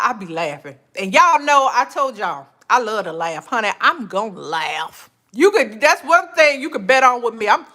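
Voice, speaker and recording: A woman hosting a podcast, speaking in a casual faith-based monologue, animated and quick to laugh, calling listeners honey and child. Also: a little high. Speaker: podcast host.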